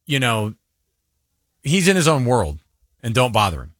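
A man's voice: medium pitch, unhurried, no room sound, studio quality. A man in his forties co-hosting a radio show, telling rambling stories in casual chat and acting out other people's voices. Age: 40s. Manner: rambling, animated storyteller who acts out voices.

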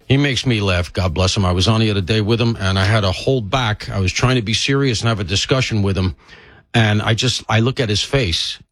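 A man's voice: fairly low pitch, fairly bright tone, no room sound. An older man hosting a talk radio show, chatty and joking, stuffy from allergies. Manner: chatty, joking, grumbling asides. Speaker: fill-in radio talk host. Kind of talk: casual talk radio monologue. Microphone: studio mic.

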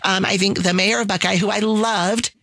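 A woman from Arizona hosting a radio talk show with a hoarse, lost voice, chatting casually and laughing easily. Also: medium pitch, steady tone, moderate pace, a bit bright, no echo. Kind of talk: casual chat.

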